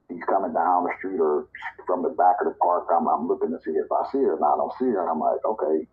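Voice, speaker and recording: Man from Nebraska telling a story by phone. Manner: relaxed, conversational, acts out quoted dialogue in a higher voice. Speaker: storyteller in a live audio chat. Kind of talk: casual personal storytelling. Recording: tinny phone-line audio.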